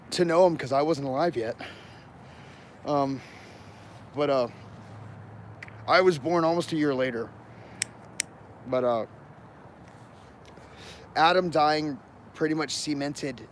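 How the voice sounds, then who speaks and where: A man chats casually on a phone livestream, his voice at an ordinary middle pitch. He rambles with lots of "uh"s and keeps apologizing to viewers, and a faint hiss of ambient noise sits under him outdoors. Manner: rambling, many fillers, apologizes to viewers for connection drops.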